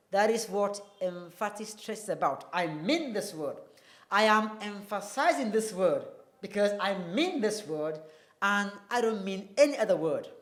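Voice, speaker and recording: A teacher explaining pronunciation, talking slowly and deliberately, repeating and spelling words out. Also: medium pitch. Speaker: English teacher. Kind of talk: classroom-style explanation.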